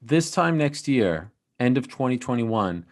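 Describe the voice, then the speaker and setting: A male host asking his guest plain, direct questions. His voice sits at an ordinary middle pitch. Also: sing-song, measured pace. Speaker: show host. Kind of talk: interview questions.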